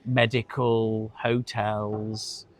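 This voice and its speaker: A man's voice: on the low side, flat delivery, drawn-out words. A middle-aged man, co-hosting a casual industry discussion and telling chatty anecdotes, sometimes repeating words as he goes. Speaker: co-host, hospitality industry expert.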